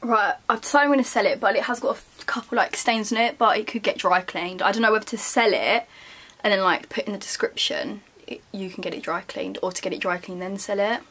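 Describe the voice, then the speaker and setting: A young woman vlogger chats casually while sorting her wardrobe in her bedroom, muttering asides to herself. Her medium-pitched voice is brisk, a bit bright, and slightly rough. The mic is distant.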